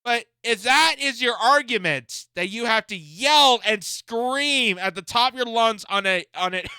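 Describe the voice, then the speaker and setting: A man's voice: sits high, sharp tone, smooth, no room sound, clean studio sound. A man giving indignant, emphatic reaction commentary on a political interview clip.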